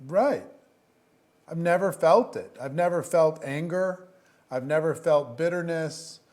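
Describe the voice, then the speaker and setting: A man's voice: fairly high pitch, measured pace, a little mellow. A man hosting an interview, reacting in an easygoing, conversational way. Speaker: host. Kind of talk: casual interview chat.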